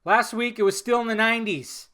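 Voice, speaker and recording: A young man with a bright, somewhat high voice hosts a solo podcast in a casual rant. He swears freely and swings between low, mumbled asides and loud, exasperated outbursts. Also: fairly even intonation, brisk. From Southern California. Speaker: podcast host.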